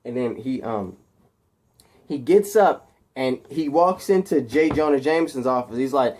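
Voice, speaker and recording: A man's voice: medium pitch, animated, measured pace, a little mellow, a little hiss or hum. Rambling man retelling a superhero story. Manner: rambling, full of fillers and sound effects. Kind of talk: improvised spoken fan story.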